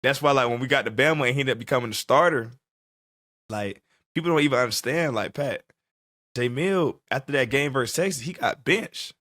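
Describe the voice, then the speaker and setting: Speaking fairly quickly in a medium-pitched voice, this twenty-something podcast co-host recounts a story in easy conversation. He laughs a lot and performs the other people's lines with animation, recorded in studio quality without echo.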